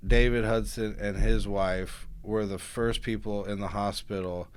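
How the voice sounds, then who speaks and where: A man, a podcast guest, telling a personal story in a casual, animated and humorous way. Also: on the low side, unhurried, smooth.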